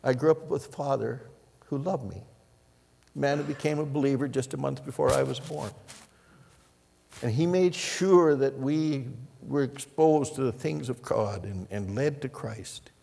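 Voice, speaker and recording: An older man preaching a sermon, telling stories and moving between loud emphasis and hushed, quiet passages. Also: mid-range voice, a little slow, gravelly, husky, in a large hall. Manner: storytelling, swings from loud emphasis to hushed near-whispers. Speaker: pastor.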